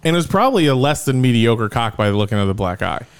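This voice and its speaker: A man's voice: mid-range voice, animated, fast talker, clear, resonant tone. A young man co-hosting a podcast in crude casual chat, joking, laughing often and rambling through stories. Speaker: podcast co-host.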